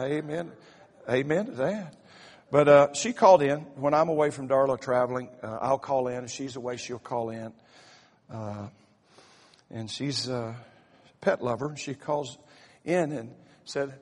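A male pastor preaching a humorous sermon in a folksy way, rallying the congregation with lots of "uh"s. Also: medium pitch. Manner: folksy, rallies the congregation, stutters in repeated "uh". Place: church sanctuary. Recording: church sound with long reverb.

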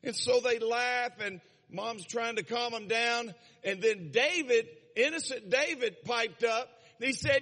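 A man preaching a sermon, retelling a story with lively acted-out voices. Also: extremely high pitch, unhurried, few pauses. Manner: animated, dramatizes scenes with voices. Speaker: pastor. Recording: long reverb of a large hall.

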